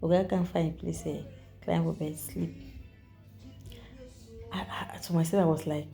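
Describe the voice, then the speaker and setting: A woman with a Nigerian accent recounts a story straight to the camera, chatty and animated, circling back with repeats and asides. Her voice sits fairly low with a warm, mellow tone, and soft music plays faintly behind her. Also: normal speed, vocal fry, long pauses. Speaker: vlogger.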